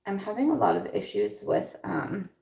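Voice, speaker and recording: A woman's voice: mid-range voice, wildly swooping pitch, moderate pace, creaky, warm tone, recorded from a distance. A young woman chatting casually in a livestream while doing her makeup, rambling with lots of fillers and nervous laughs. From Iowa. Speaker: beauty vlogger. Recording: roomy echo, voice a little off mic.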